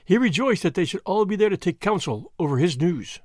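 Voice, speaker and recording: A man reading a story aloud as narrator, in a measured storytelling manner. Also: high voice, very animated, a little mellow, no echo, studio quality. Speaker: audiobook reader. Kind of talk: scripted narration.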